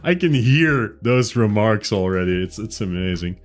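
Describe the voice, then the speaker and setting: A man's voice: on the low side, animated, normal speed, few pauses, soft background music. A man from Flanders, chatting casually on a livestream in a rambling, self-mocking way. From Flanders, Belgium. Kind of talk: casual chat.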